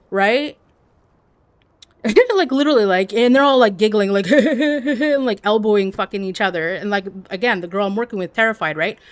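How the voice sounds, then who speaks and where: A woman livestreamer telling stories in casual chat, animated and peppered with "like". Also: medium pitch, moderate pace. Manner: animated, heavy use of "like".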